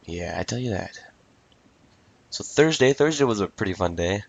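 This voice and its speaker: A teenage guy hosting his own solo podcast, talking straight into a microphone with a fairly low voice. He rants in an exasperated, casual way, swears freely and keeps calling everything ridiculous. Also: animated, moderate pace, creaky, pauses often. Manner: repeats "I tell you what" and "ridiculous". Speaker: podcast host.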